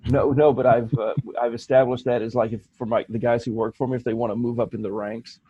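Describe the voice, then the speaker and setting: A man's voice: medium pitch, little pitch movement, fast talker, slightly rough, no room sound, highs cut off. A man co-hosting a podcast, telling rambling anecdotes in casual chat with frequent restarts. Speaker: podcast co-host.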